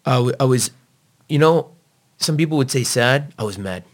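A man being interviewed, telling a personal story in a blunt, profane, animated way. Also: mid-range voice, normal speed.

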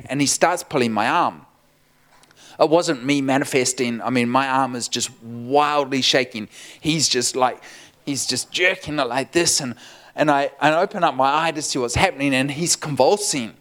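Animated storytelling male pastor. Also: medium pitch, moderate pace. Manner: animated, laughing often, acts out quotes. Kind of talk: storytelling sermon.

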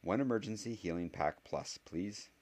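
A man's voice: sits low, moderate pace, darkish tone, pitched above the performer's own voice. A man voicing a clever, blunt eleven-year-old boy who talks in an earnest, argumentative way.

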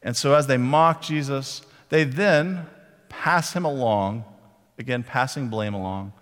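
A man giving a conversational sermon, retelling scenes and acting out the lines of the people in them. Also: mid-range voice. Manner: conversational, acts out quoted lines. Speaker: pastor. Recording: long reverb of a hall.

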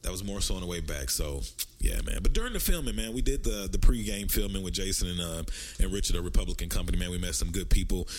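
A man with a deep voice and a Southern US accent, hosting a podcast in casual, animated storytelling chat. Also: fast. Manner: animated storytelling, swings up in pitch for emphasis. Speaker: podcast host.

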